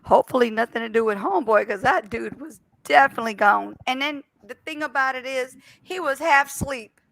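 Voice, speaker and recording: A woman's voice: high-pitched, a little fast, vocal fry, a bit bright. A young woman hosting a live stream in casual, teasing chat, laughing often and talking through a headset.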